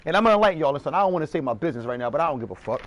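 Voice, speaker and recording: A man streaming live, ranting heatedly and profanely in quick bursts. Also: fairly high pitch, expressive.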